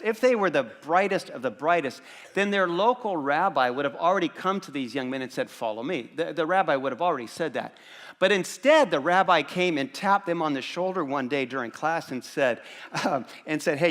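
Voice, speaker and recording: A male pastor gives a conversational sermon, tossing rhetorical questions at his congregation and stumbling over repeated words as he restarts. His voice sits slightly high for a man. It rings with the long reverb of a large hall. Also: a bit bright. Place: church auditorium before a congregation.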